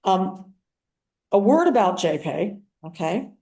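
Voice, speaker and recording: An older woman talks through a training session in a loose, chatty way, slipping into the voices of people she quotes. Her tone is warm and mellow. The sound is roomy, with noticeable echo. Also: mid-range voice, big pitch swings, slow. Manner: chatty, acts out quoted conversations. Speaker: activist and paralegal giving a training. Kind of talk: casual spoken training talk.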